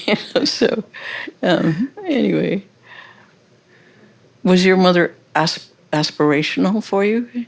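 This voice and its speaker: Slow, gravelly American woman telling stories. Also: mid-range voice, animated. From United States. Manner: halting, reflective storytelling. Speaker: interview guest. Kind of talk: casual onstage conversation. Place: live festival stage.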